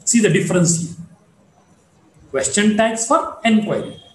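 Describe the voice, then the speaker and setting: A man lectures at a slow, deliberate pace, going back over each point for his students. His voice sits fairly high. The recording carries a roomy echo and a faint background hiss. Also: expressive. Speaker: phonetics lecturer.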